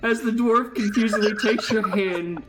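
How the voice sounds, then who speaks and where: A man's voice: high voice, normal speed, music in the background, rough recording. A man narrating as game master of a streamed tabletop game, swearing casually and laughing often.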